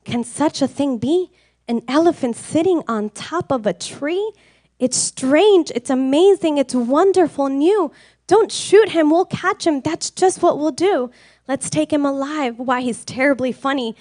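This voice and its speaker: A woman voicing a group of rough male hunters in a storybook reading, shouting with excitement. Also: sits high, a little slow. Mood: excited.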